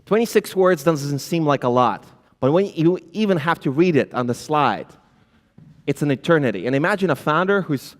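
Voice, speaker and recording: Animated man speaking on a conference stage. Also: a little high, moderate pace. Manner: animated, addresses the audience directly; acts out flustered founders with filler words. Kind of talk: conference talk. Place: conference hall. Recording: long hall reverb.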